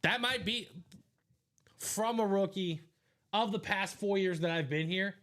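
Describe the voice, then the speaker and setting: A man co-hosting a live stream, energetically pitching to viewers in casual chat. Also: measured pace, fairly bright tone.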